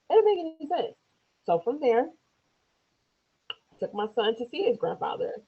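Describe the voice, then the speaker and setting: A woman, an interview guest, telling a personal story in a loose conversational way, acting out quoted speech in higher voices. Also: big pitch swings, normal speed, pauses often. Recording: tinny phone-like lo-fi audio.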